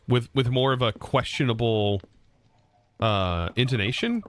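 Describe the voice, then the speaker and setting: A man's voice: mid-range voice, expressive, a little slow, fairly bright tone, slight background noise. A man streaming a modded building game, chatting loosely with his viewers and rambling about words while he plays. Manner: rambling, chatty, talks to his chat between game tasks. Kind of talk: casual live-stream chat while playing.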